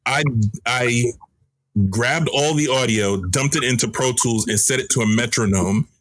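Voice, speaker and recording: A man's voice: mid-range voice, a little slow, a bit bright, no echo, rough recording. A man co-hosting a podcast, chatting casually and explaining things with eager, detailed enthusiasm. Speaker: podcast co-host. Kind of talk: casual chat.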